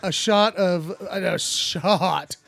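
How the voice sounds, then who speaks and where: Man, high voice, blunt and profane guest in a casual chat. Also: drawn-out words, vocal fry, a bit bright.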